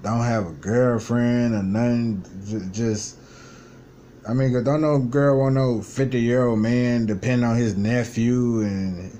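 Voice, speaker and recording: Speaking slowly in a warm, mid-range voice with fairly even intonation, a man in his 20s tells his life story to the camera. The vlog monologue is blunt and frustrated, peppered with swearing, over slight background noise.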